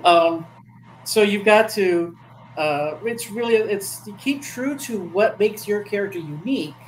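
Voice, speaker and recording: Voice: medium pitch, lively intonation, slight background noise, low-quality recording. Panel guest giving tips, lots of um and uh, stops and starts. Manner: halting advice with many fillers. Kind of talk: casual panel discussion.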